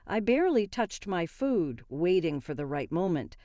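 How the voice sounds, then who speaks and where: A woman reading a first-person story in an even, steady narration. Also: lowish voice, normal speed, dry recording, clean studio sound.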